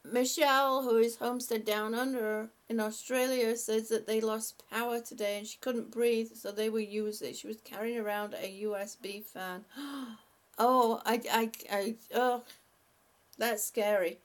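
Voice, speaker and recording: A woman's voice: on the high side, fairly even intonation, measured pace. A woman hosting a casual live stream, chatting and laughing often as she greets viewers by name. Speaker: livestream host.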